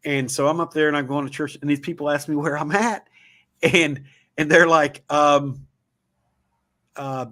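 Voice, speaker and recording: A man's voice: on the high side, steady tone, measured pace, long pauses, a bit bright. A man with a Southern Ohio accent, hosting a casual livestream talk and telling rambling, folksy stories. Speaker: show host.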